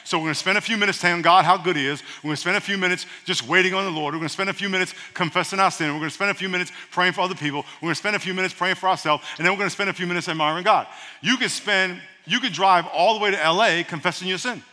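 A male pastor delivers an energetic, humorous sermon and keeps drawing responses from his congregation. His voice sits high for a man and sounds bright and forceful. It rings out through the long reverb of a church hall. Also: very fast.

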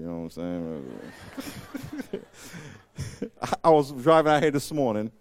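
A man preaching a sermon as pastor, emphatic and repeating phrases, swinging between loud preaching and quiet asides. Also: mid-range voice, big pitch swings, moderate pace, no room sound.

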